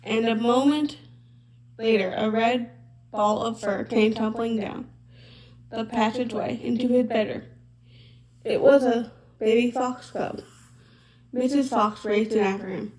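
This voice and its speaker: Female ASMR reader, soft and gentle storytelling, slightly high pitch. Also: steady tone, measured pace, long pauses, rough recording. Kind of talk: soft-spoken ASMR reading.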